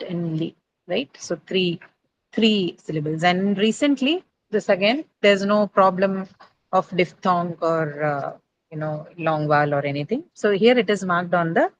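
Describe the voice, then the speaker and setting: A woman's voice: fairly low pitch, expressive, unhurried, poor audio. A woman teaching an English class on word stress in a classroom, checking in with students and often adding "right?" and "uh".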